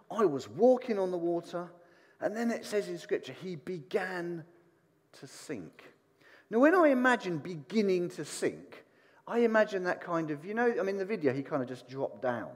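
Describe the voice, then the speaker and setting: A man preaching a sermon, animated and putting questions to the congregation. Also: sits high, big-room sound. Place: church hall.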